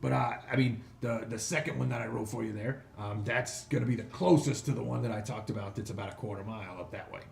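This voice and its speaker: A man's voice: mid-range voice, fast talker, gravelly, hardly any pauses, slight background noise. A man running a tabletop game as game master, narrating loosely with many fillers. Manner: loose, laughing, lots of fillers. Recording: echoey room, faint ambience.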